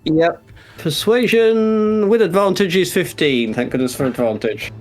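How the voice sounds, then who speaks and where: A man with a fairly high voice plays his character at the table. He speaks casually with a wry edge. Faint music runs behind him. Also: expressive, measured pace. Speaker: player. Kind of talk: playing a tabletop game.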